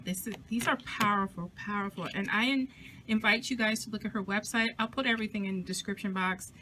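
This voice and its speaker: A woman's voice: mid-range voice, fairly bright tone, slight background noise. A woman casually walking through and reviewing a new card deck, chatty and enthusiastic, often restarting her sentences. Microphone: zoomed-in camera close-up.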